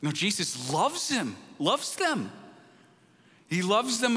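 A male pastor delivers a sermon in a church sanctuary, his bright, slightly high voice swinging from loud urging to a hushed near-whisper. He speaks slowly and deliberately, with a lively, rising pitch. A long reverb from the hall trails each phrase.

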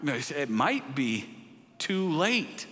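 A male pastor delivers a sermon in a church sanctuary, his bright, slightly high voice swinging from loud urging to a hushed near-whisper. He speaks slowly and deliberately, with a lively, rising pitch. A long reverb from the hall trails each phrase. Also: slight background noise.

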